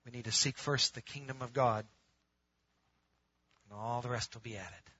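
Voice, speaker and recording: Animated preacher man, bright husky voice. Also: medium pitch, normal speed, no echo, lo-fi sound. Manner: animated, swings from loud emphatic bursts to quiet intimate pleading; calls the congregation "gang", laughs between points. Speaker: pastor. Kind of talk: sermon.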